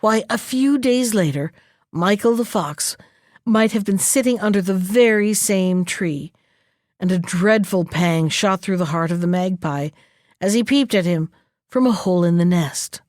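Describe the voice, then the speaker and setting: A woman storyteller reads a folktale aloud in a clear, expressive way. Her voice sits at an everyday middle pitch. The sound is dry and close, with no room. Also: a little slow, no echo. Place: library.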